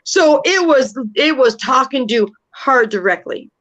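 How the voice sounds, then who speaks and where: A woman's voice: high voice, measured pace, low-quality recording. Brash, swearing woman in her fifties. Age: 50s. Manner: brash, swears freely, animated storytelling. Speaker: paranormal investigator and co-host. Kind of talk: casual group chat.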